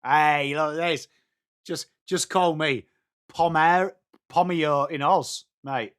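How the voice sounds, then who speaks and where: A man's voice: a little high, slow pace. A young northern English man hosting a live fan watchalong, calling the play and chatting with viewers by name. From England. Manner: excitable, banters with viewers by name. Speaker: host of a fan watchalong stream. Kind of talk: live sports commentary mixed with reading chat.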